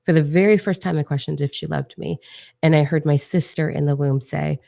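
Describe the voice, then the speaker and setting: Woman with a deep raspy voice telling a story, chatty and animated, lots of "like", dry close sound. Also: a little fast, no room sound. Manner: casual and animated, many "like" fillers. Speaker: spiritual channel host. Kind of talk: personal storytelling.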